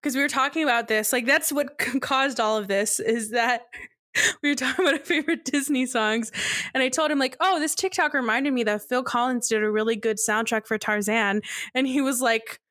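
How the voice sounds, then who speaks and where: A young woman co-hosting a podcast tells a story during a casual chat with her brother, laughing often as she talks. Her voice is a little high and a bit bright, brisk in pace, in a clean studio recording with no echo.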